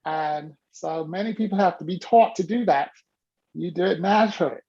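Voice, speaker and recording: A woman hosting a casual video-call workshop, talking in a playful, teasing, animated way. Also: lowish voice, normal speed, creaky, husky, muffled recording. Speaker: host and coach.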